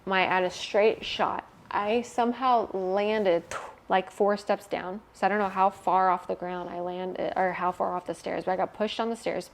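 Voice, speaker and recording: A woman's voice: mid-range voice, steady tone, normal speed. Candid young woman telling her story. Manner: candid, emotional, swears freely. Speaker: interview guest. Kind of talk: personal storytelling interview.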